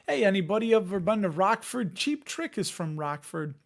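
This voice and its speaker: High-voiced man with a Chicago accent. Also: very animated, moderate pace, vocal fry, few pauses. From Chicago area, Illinois. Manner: rambling, jokey, laughs often, reads chat aloud. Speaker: investing channel host. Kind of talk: casual live-stream chat.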